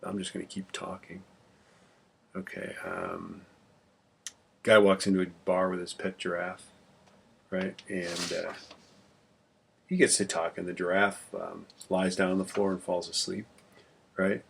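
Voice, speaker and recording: A man's voice: sits low, flat delivery, unhurried, creaky, long pauses, slight background noise. A male instructor giving an informal classroom lecture. He rambles, mutters calculations half-whispered under his breath, and tells corny jokes between topics.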